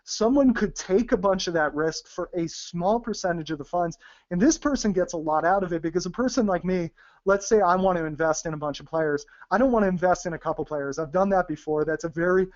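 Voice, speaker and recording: A man teaching poker in a webinar, chatty with frequent asides, using a deliberate presenter's voice pushed from the gut. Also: high voice. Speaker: poker coach. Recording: dull lo-fi webinar audio.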